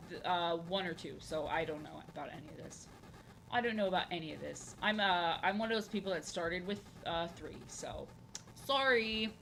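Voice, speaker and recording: A young woman streaming as she draws, chatting casually and rambling, often repeating herself and filling pauses with "um" and "like". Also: mid-range voice, bright, forceful tone, slight background noise, poor audio. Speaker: art streamer. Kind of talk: casual chat while drawing on stream.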